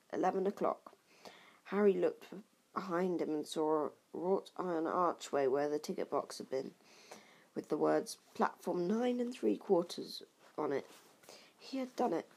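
A woman's voice: on the low side, darkish tone, poor audio. A woman reading a novel aloud in an unpolished way, with slips and restarts. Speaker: reader.

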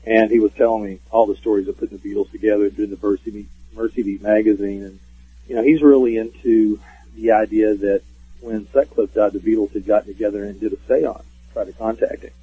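Husky man on a phone line. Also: lowish voice, fairly even intonation, fairly quick, no room sound. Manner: rambling storyteller with many fillers. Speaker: guest. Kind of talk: casual radio interview.

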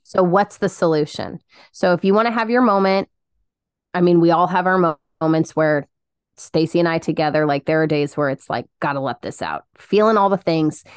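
A woman co-hosting a faith podcast, giving earnest advice in a casual, halting way. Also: on the low side, clean tone, dry recording, clean studio sound. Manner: earnest, advising, halting restarts. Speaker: podcast co-host.

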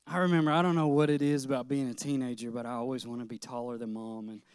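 A man's voice: medium pitch, little pitch movement, fast talker, clear, resonant tone, dry recording, studio quality. Earnest man preaching a sermon. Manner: earnest, personal storytelling with light laughter. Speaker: pastor.

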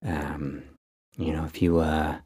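A man putting on a low, slow, murmured sexy voice, with many fillers. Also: flat delivery, dark tone, breathy edge, dry recording, studio quality, heavily acted. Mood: seductive. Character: man's low put-on sexy voice. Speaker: co-host.

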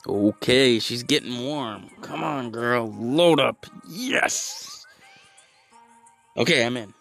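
A man's voice: medium pitch, unhurried, creaky, fairly bright tone, faint music behind, voice pushed up. A man playing a flustered caller who fakes being clueless about his computer, stammering and apologizing as he rambles. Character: flustered clueless man faking computer trouble on a phone call.

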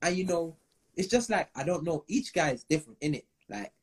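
A laid-back man hosts a casual live stream, nodding along with frequent mm-hmms. His voice has a husky, slightly rough grain. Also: on the high side, expressive, a little fast. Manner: laid-back, agreeable, many fillers. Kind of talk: casual chat.

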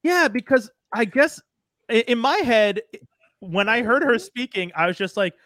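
A high-pitched man with a bright, forward voice chats on a livestream podcast, dry and close on the mic. He is from Montreal and tells stories with lively acted-out quotes. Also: unhurried, no room sound. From Montreal, Canada. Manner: animated storyteller who acts out quotes. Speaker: podcast co-host. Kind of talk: casual livestream chat.

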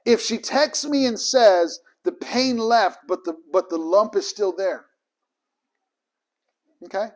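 A man's voice: high voice, lively intonation, slow, pauses often, darkish tone. A man teaching a ministry training group in a casual, emphatic way, acting out both sides of the conversations in his stories.

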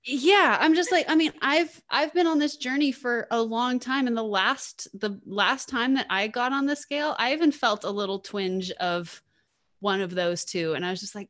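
A woman's voice: fairly high pitch, moderate pace, a bit bright. A young woman co-hosting a podcast, talking casually and candidly, often repeating herself mid-sentence and laughing. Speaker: podcast co-host.

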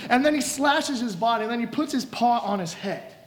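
A man's voice: very high-pitched, fairly quick. A man preaching a sermon, retelling stories animatedly and acting out scenes. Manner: animated storytelling, acts out scenes. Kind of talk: sermon with retold story.

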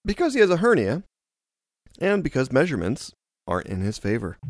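A man hosting a casual comedy podcast, reading news stories and listener questions in quick bursts and laughing along the way. His voice has a gravelly, fry-tinged edge, and his pitch swings up and down a lot. The sound is dry and close, with no room echo. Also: wildly swooping pitch. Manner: reads items aloud in quick bursts, laughing often.

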